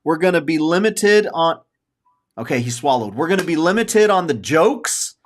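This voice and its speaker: A man's voice: a little high, sing-song, moderate pace, slight background noise. A man in his forties hosting a casual podcast, talking earnestly and openly about his feelings, circling back and repeating himself as he goes. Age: 40s. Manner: earnest, openly emotional, rambling with repeated phrases. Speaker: podcast host.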